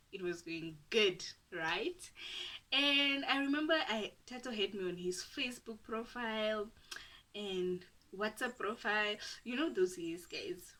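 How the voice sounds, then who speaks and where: A woman's voice: mid-range voice, bright, forceful tone. A young woman from Namibia, telling a personal story to her viewers in a chatty, dramatic way and laughing at herself often. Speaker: YouTuber. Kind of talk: casual storytime.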